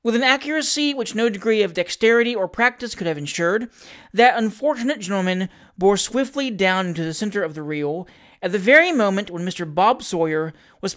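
A narrator reading a classic novel aloud, measured and expressive. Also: medium pitch.

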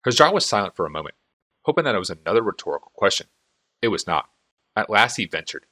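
A man's voice: on the low side, sing-song, fast talker, bright, forceful tone. A man reading a fantasy novel aloud as a fan audiobook, telling the story expressively. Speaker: audiobook narrator.

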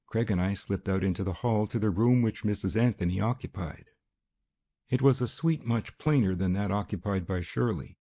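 A man narrating a detective novel as an audiobook in a measured, even reading style. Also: on the low side, slightly rough. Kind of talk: scripted narration.

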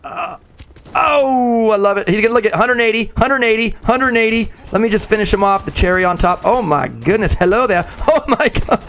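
Young male streamer, excitable live commentary, slightly high voice, chats with viewers. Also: normal speed, slight background noise. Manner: excitable, chatty, greets viewers, calls them bro. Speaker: gaming streamer.

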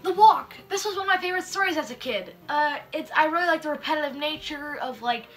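A young woman hosting a comedic review of spooky stories, slangy and deadpan. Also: high voice, fast talker, faint music behind. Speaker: host.

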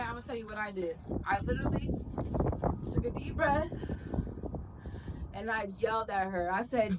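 A woman from Arizona, a musician and street evangelist, talking in a fervent, preachy casual vlog outdoors by a store. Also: on the high side. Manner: fervent, preachy, says things loudly. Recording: outdoor street noise with traffic.

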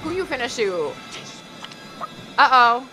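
A woman's voice: a little high, lively intonation, moderate pace. A young woman doing let's play commentary, crude and jokey, yelping when scared. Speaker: gaming YouTuber. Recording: game music behind.

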